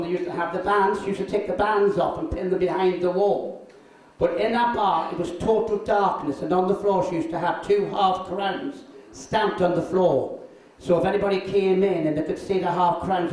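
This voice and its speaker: An older man, a drag performer telling crude, deadpan anecdotes on stage. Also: high-pitched. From North East England. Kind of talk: bawdy stand-up storytelling. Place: live show venue. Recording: echoey room, from far off.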